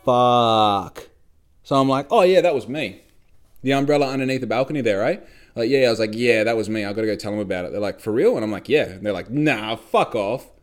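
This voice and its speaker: A man's voice: lowish voice, quick pace, clear, resonant tone. A young Australian man telling a rambling story in casual chat, swearing freely and acting out the voices of the people he quotes.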